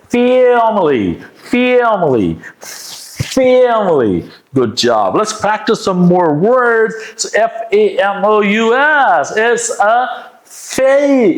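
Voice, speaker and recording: Male pronunciation teacher, slow and drawn out, lively pitch, echoey room. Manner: slow, exaggerated, repeats words for learners to copy. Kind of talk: pronunciation lesson with drills.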